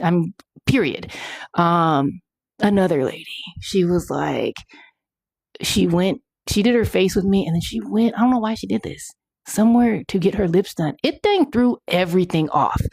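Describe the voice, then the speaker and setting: A woman's voice: fairly low pitch, a little mellow, slightly rough, no echo. A young woman, an aesthetic nurse practitioner, answering questions in a chatty, emphatic live Q&A full of "like". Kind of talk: casual live Q&A.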